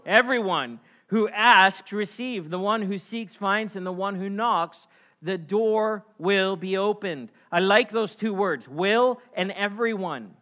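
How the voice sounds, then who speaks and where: A man preaching a sermon as pastor, swinging between loud emphatic calls and quiet asides. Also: high-pitched, takes it slowly.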